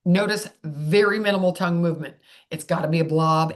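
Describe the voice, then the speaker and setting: A woman's voice: on the low side, brisk. Chatty woman teaching tongue exercises. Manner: chatty, digressive, demonstrates sounds aloud. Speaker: speech therapist. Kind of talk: live online workshop teaching.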